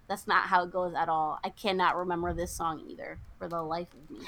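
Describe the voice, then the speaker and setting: A woman's voice: fairly low pitch, steady tone, normal speed, fairly bright tone. A woman chatting casually on a podcast, recapping a film and acting out the characters' lines.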